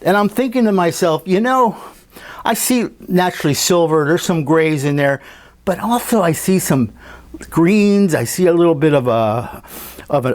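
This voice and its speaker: A man talking casually about his scale model at a home workbench, unhurried and thinking aloud with fillers and restarts. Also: a little high. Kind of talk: casual hobby workshop walkthrough.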